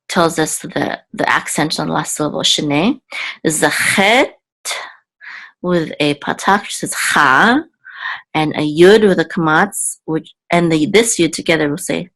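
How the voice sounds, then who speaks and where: A woman's voice: low voice, a bit bright. A woman teaching an online language lesson, going patiently word by word with frequent ums and self-corrections. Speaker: Hebrew teacher.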